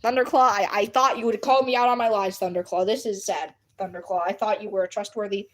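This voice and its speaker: A woman's voice: mid-range voice, fast. A woman streaming from home at her computer, chatting casually with her viewers and often laughing. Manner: giggly and animated, often bursting into laughter. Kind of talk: casual live chat with viewers.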